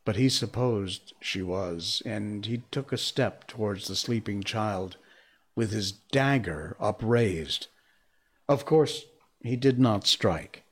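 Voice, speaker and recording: A man reading a storybook aloud as narrator, measured and expressive. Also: fairly low pitch, slightly rough.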